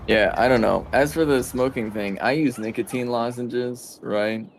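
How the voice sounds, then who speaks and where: A man chatting dryly with friends on a game stream, talking slowly. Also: medium pitch, steady tone, slight background noise. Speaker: stream guest. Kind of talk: casual group chat.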